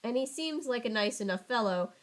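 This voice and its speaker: A woman's voice: a little high, expressive, a little fast, natural voice. A woman voicing an old female nurse who complains about her aches and rambles. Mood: grumbling. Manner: moaning, sulky, rambling.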